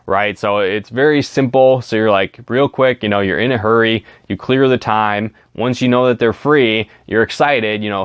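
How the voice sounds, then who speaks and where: A man's voice: mid-range voice, normal speed, few pauses, clear, resonant tone, no echo. A man giving a casual sales training talk, often checking in with "right?" and acting out sample invitations. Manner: chatty, frequent "right?" tags, acts out sample invitations. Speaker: network marketing trainer.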